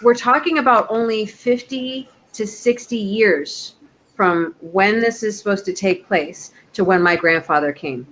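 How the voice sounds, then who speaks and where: A woman's voice: mid-range voice, a little slow, fairly bright tone. A woman co-hosting a casual chat show, talking enthusiastically and personally. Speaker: co-host. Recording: dull lo-fi audio.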